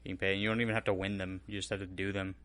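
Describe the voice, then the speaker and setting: Profane low-voiced podcast co-host. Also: male voice, rapid-fire, smooth. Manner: animated, profane, acts out quotes. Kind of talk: casual chat.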